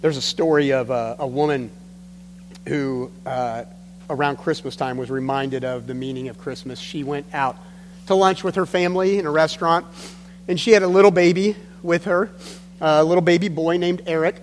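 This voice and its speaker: A man's voice: fairly high pitch, fairly even intonation, moderate pace. A man preaching a sermon as pastor, telling stories in an earnest, emphatic way. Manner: earnest storytelling with emphatic drops. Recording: long hall reverb with faint hum.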